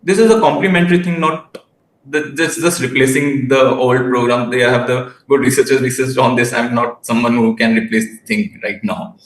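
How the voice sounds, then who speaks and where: A teenage man answering interview questions in halting phrases with frequent restarts. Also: mid-range voice, echoey room, slight background noise, low-quality recording. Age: teens. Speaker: guest researcher.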